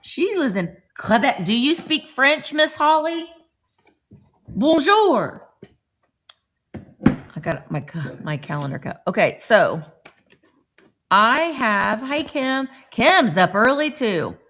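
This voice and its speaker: Very animated yet slow, with frequent pauses, a middle-aged vlogger chats on her morning live stream from home and greets viewers by name. Her voice sits on the high side and is a bit bright.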